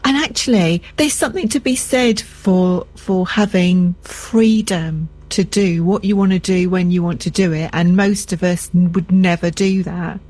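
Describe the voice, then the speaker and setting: A woman's voice: on the low side, unhurried, hardly any pauses, darkish tone. A woman interviewing a guest, listening closely and asking reflective questions. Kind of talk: conversational interview.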